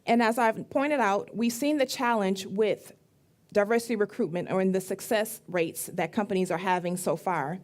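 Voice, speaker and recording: A woman presents her company in a measured, formal pitch. Her voice sits at an ordinary middle pitch. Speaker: startup founder pitching. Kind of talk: demo day pitch.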